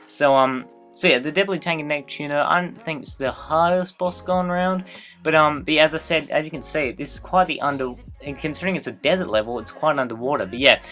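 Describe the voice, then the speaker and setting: A man giving casual, rambling gameplay commentary as a let's play host, excitable and prone to tangents. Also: on the high side, fairly quick, faint music behind.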